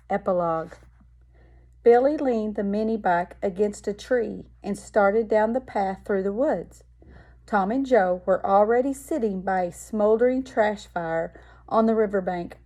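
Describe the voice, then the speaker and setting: A woman reading a children's novel aloud to young listeners, in an unhurried storytelling manner. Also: medium pitch, dark tone, low-quality recording. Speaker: reader.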